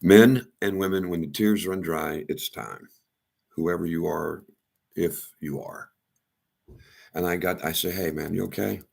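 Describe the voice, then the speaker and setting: A man telling a rambling personal story, halting and repeating himself as he goes. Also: low voice, fairly even intonation, gravelly, darkish tone. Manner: halting, repeats and restarts words.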